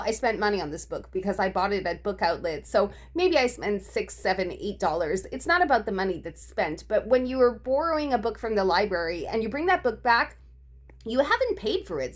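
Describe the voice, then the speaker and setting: A woman book vlogger venting her frustration in a casual, profane rant, laughing between complaints. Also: on the high side. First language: English.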